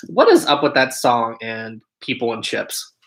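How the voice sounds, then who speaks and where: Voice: mid-range voice, very animated, unhurried, fairly bright tone. Friendly american streamer rattling off hellos to chat, medium voice, home mic. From United States. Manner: chatty, upbeat, greets viewers one by one. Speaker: livestream host. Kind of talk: live stream chat, reading viewer comments aloud.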